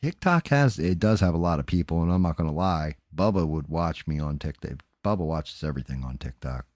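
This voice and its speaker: A man with a New Jersey accent, hosting a casual live stream while painting, talking fast, rambling and swearing. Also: extremely low pitch, expressive, darkish tone, no room sound, clean studio sound. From New Jersey, USA.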